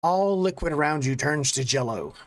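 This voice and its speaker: A game master narrating an online tabletop session through a voice chat mic. The delivery is loose and quick-witted, mixing monster descriptions with offhand jokes. The voice sits at a middling pitch. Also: expressive.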